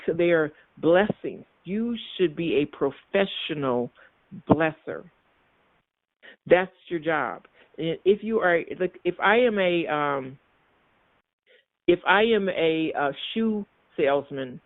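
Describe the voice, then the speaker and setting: A man's voice: a little high, dry recording. A man preaching a sermon, emphatic and repetitive, with frequent restarts. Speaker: minister. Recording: tinny phone-like sound, dry.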